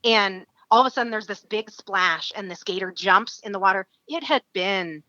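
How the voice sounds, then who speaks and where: A woman from Alaska recounts a wild hunting story as a podcast guest. Her bright voice jumps around as she acts out the others' lines and breaks into laughter. The sound is dry and a little muffled. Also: mid-range voice, moderate pace, dry recording. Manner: animated, acts out quoted voices, laughs often. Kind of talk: storytelling in casual interview.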